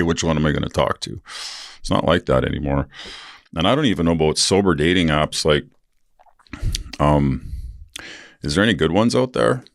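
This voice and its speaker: A man's voice: a bass voice, no echo, studio quality. A man hosting a podcast tells a story casually, rambling with lots of fillers and swearing, and acts out other people's lines in a raised voice. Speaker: podcast host.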